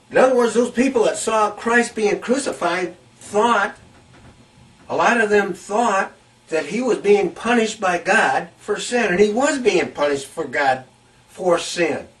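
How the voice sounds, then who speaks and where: Slow, high-voiced preacher heard from afar. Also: male voice, a bit bright, far from the mic, rough recording. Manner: deliberate, emphatic, repeats key phrases. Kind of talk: Bible teaching sermon.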